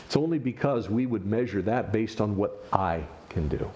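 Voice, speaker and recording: A man's voice: on the low side, lively intonation, moderate pace, dark tone, a little hiss or hum. A man preaching a sermon, explaining scripture with rhetorical questions and wry asides. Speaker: pastor.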